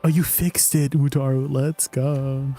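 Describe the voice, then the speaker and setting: A man's voice: medium pitch, level tone, a little slow, mellow, faint music behind. A man chatting casually to viewers on a live game stream, laughing often and joking around.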